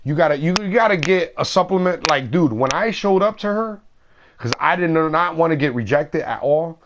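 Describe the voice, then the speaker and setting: A man's voice: a little high, expressive, normal speed, background noise. A man streaming a game, chatting casually in a slangy, rambling way and swearing freely. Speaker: gaming streamer.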